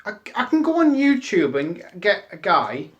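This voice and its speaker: Teen male co-host, Northern English accent, slightly higher voice, jokey anecdotes. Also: wildly swooping pitch, moderate pace, fairly bright tone, dull audio. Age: teens. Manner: jokey storyteller, laughs often. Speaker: podcast co-host. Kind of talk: casual chat.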